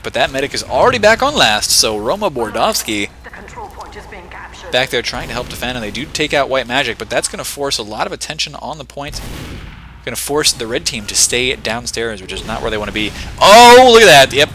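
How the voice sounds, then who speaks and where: A man calls a competitive game match live in play-by-play style, with a bright, forceful tone. He stays excitable and throws in joking asides. His pitch sits in an ordinary middle range, with a faint hiss of noise underneath. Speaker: esports shoutcaster.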